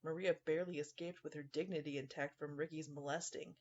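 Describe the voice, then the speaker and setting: A man's voice: fairly high pitch, steady tone, fairly quick, dull audio. A man narrating a scripted first-person horror story in a dry, sarcastic tone.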